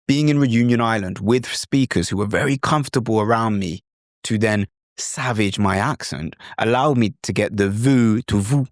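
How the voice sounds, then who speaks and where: A British man hosting an instructional podcast, talking in a lively, demonstrative way and sometimes slipping into mimicked accents. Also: lowish voice, moderate pace, dry recording, studio quality. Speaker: podcast host.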